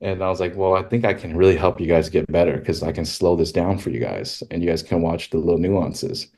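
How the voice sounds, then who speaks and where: A man who is a podcast guest, telling stories casually and animatedly, leaping up in pitch when he quotes himself. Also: fairly quick, dark tone. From California. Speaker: guest, rodeo filmmaker. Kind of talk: casual storytelling.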